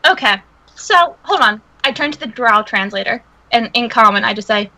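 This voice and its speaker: A blunt, wry woman at a tabletop game who swears freely. Her voice is bright and a little high. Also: animated, moderate pace, poor audio. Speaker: player.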